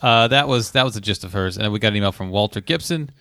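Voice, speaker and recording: A man co-hosting a podcast, reading listener emails aloud with quick asides in casual chat. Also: lowish voice, a bit bright, smooth, dry recording.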